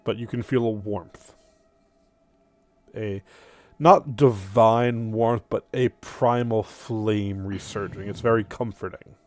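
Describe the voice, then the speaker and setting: A man narrating a tabletop game as game master, unhurried and descriptive. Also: on the low side, steady tone. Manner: descriptive, unhurried scene-setting.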